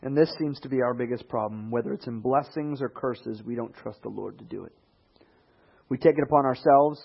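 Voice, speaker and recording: A man with a slightly husky voice preaches a sermon. His delivery is animated, and he slips into quoted voices and rising emphasis. The recording sounds a little dull and lo-fi. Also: medium pitch, brisk.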